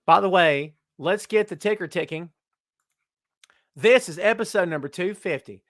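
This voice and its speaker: High-voiced, jokey man hosting a live show. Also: normal speed, a bit bright, no echo, clean studio sound. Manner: jokey, teasing, greets viewers by name. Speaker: host of a live wrestling talk show. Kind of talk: casual live-stream chat.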